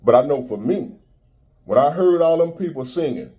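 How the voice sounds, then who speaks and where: Blunt preachy man with a mellow voice. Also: a little high, animated, moderate pace. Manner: blunt, preachy, street-talking. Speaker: motivational speaker. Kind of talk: motivational monologue.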